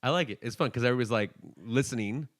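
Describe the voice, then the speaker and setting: A man's voice: mid-range voice, rapid-fire, dry recording, studio quality. A young man co-hosting a podcast in casual chat, rambling, joking and laughing often. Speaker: podcast co-host.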